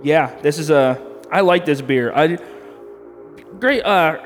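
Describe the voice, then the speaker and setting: A man's voice: fairly high pitch, takes it slowly, soft background music. A man in his thirties co-hosting a podcast, reviewing beer in a rambling, crude, joking way. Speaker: podcast co-host. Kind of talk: casual beer review chat. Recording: long reverb.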